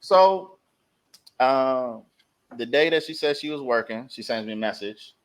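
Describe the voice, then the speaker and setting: Lively man telling a story on a podcast. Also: mid-range voice, measured pace, clear, resonant tone. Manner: animated, acts out quoted dialogue. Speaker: podcast co-host. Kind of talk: casual storytelling chat.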